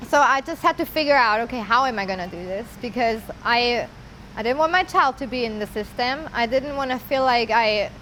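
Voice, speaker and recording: A woman telling her personal story in an earnest, halting way, often pausing with casual fillers. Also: a little high, fairly bright tone, slight background noise, low-quality recording. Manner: earnest, halting, with many "like" and "you know" fillers. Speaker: interviewee sharing her story. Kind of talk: personal testimony.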